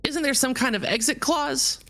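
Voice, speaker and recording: A woman's voice: sits high, normal speed, a bit bright. A woman voicing a naive, curious otherworldly being in a live visual novel reading, earnest and formal. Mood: flustered. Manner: earnest, formal and a little hesitant.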